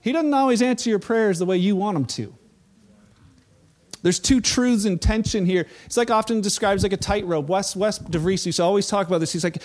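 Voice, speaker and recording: A man's voice: sits high, brisk. A middle-aged man, a pastor, preaching a sermon in a church in a conversational, playful way, acting out the voices he quotes.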